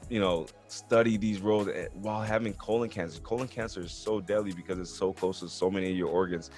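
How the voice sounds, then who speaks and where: A man's voice: deep voice, fairly even intonation, fast, a little mellow, faint music behind. A man hosting a sports podcast in casual chat, talking earnestly and calling his guest "man" and "bro". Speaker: podcast host.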